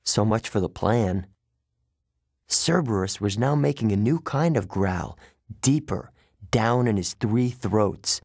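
A man narrating a first-person story as an audiobook reader, in an expressive storytelling manner. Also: on the low side, slow, breathy edge, no room sound, studio quality.

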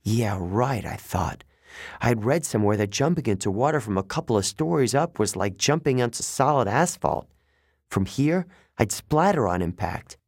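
A man reading a first-person story aloud as an audiobook narrator, with tense, steady storytelling. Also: mid-range voice, moderate pace, dry recording, clean studio sound.

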